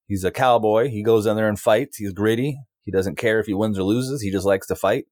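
A man's voice: fairly low pitch, a little fast, darkish tone, dry recording, studio quality. A man co-hosting a casual sports podcast, giving blunt, confident opinions in short sentences. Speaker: podcast co-host.

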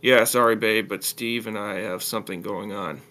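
A man's voice: medium pitch, moderate pace, sharp tone, lightly acted. A man voicing a tough, sarcastic teenage boy in a story he reads aloud, in a voice close to his own. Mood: gruff. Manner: sarcastic, gruff.

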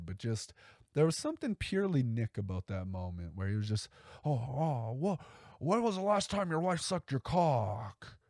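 A man's voice: lowish voice, mellow, no room sound, clean studio sound. A man hosting a podcast in a casual, rambling way, swearing freely and leaning on "like" and "you know". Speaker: podcast host. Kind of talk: casual chat.

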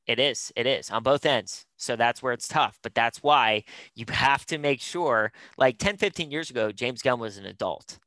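A man's voice: mid-range voice, normal speed, hardly any pauses, pushed and bright, no room sound. A man, a film producer and talent manager, speaking as a podcast guest in an emphatic, advice-giving way. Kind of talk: casual conversational interview.

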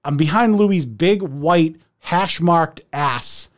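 A man telling a story in casual chat, animated and profane, acting out the people in it. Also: slow pace. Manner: animated, profane, acts out voices with big pitch jumps. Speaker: podcast co-host telling a story.

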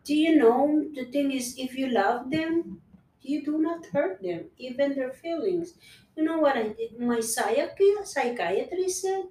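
Slow-spoken earnest woman in an echoey room. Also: sits high, expressive, mellow, recorded from a distance, a little hiss or hum. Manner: earnest, repetitive, restarts phrases. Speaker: guest sharing personal story. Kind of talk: casual conversation. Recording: echoey room, voice set back from the mic.

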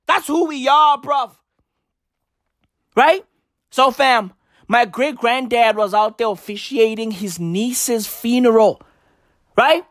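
A man doing stand-up storytelling, loud and profane, full of slang and repeated punchlines, often shouting. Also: very high voice, slow pace, pauses often, dry recording, studio quality. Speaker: stand-up comedian.

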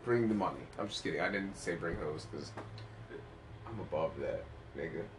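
A man's voice: rumbling low, moderate pace, noisy background. A young man co-hosting a podcast, rambling and joking in crude, profane casual chat. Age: young adult. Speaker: podcast co-host.

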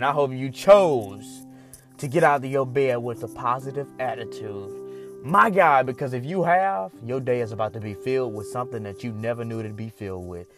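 A man's voice: mid-range voice, moderate pace, over music. A man preaching a fervent sermon, repeating his phrases and calling straight out to his listeners. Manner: fervent, repetitive preaching with direct appeals.

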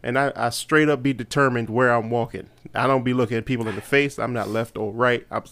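A man co-hosting a casual podcast in a slangy, teasing, unhurried way. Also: mid-range voice, steady tone, fairly bright tone. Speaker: podcast co-host.

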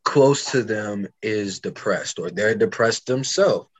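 A young man co-hosting a podcast, telling stories in casual chat with fast bursts and frequent restarts. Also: on the low side, a crowd in the background. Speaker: podcast co-host.

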